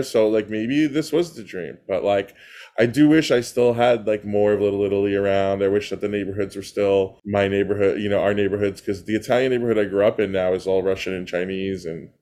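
An American man speaking as a podcast guest, his voice sitting a little low. He talks in animated bursts, with laughs and quick asides. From United States. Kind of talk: casual chat.

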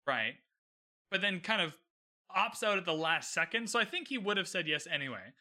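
A man in his twenties hosting a solo podcast recap, talking animatedly with many restarts and "like" fillers and acting out characters' lines. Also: sits high. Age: 20s. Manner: animated, acts out characters' lines in quick bits. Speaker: podcast host.

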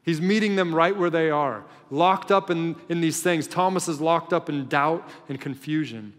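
Preacher with a ringing hall echo. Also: male voice, fairly high pitch, moderate pace. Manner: storytelling, swinging between loud and hushed. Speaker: pastor. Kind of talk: sermon.

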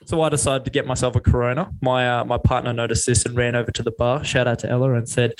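A young Australian man cohosting a podcast, telling a rambling, self-mocking story with plenty of swearing. His voice sits in a middling pitch, and he talks in a loose, casual way. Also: little pitch movement, fast talker, rough recording. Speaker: podcast co-host.

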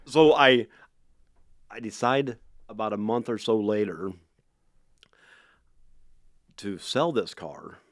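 A man guest on a podcast, telling a story in a loose, animated way and stumbling over repeated words. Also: on the low side, slow, pauses often, no room sound, clean studio sound. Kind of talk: casual storytelling.

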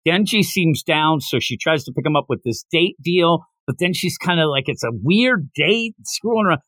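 A man co-hosting a manga podcast, chatting casually and acting out character lines in quick asides. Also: on the high side, expressive, a bit bright, no echo. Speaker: podcast co-host. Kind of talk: casual chat.

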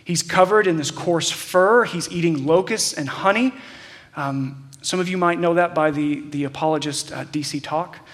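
A man with a slightly high voice preaches a sermon. He walks through the passage in a loose, conversational way, with plenty of "um"s and restarts. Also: normal speed. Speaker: pastor.

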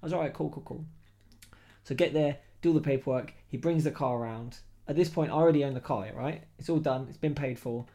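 Guy chatting on his podcast mic, slangy and animated, mid pitch. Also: fast talker, few pauses. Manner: animated, slangy, laughs while telling stories. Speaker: podcast host. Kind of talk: casual storytelling chat.

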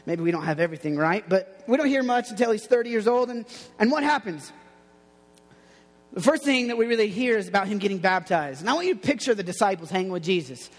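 A youth pastor with a high, animated voice talks fast in a casual, playful sermon to young people. He tells stories and acts out what people say. Long hall reverb colors the recording.

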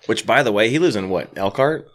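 A man's voice: fairly low pitch, animated, a little fast. A man co-hosting a casual podcast chat while drinking whiskey, joking around and swearing freely. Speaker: podcast co-host.

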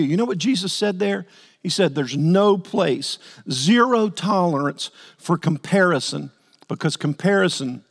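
Earnest preacher guy, slightly high voice, repeats himself a lot, long hall echo. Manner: earnest preaching with repeated words and acted-out quotes. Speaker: pastor. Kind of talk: sermon.

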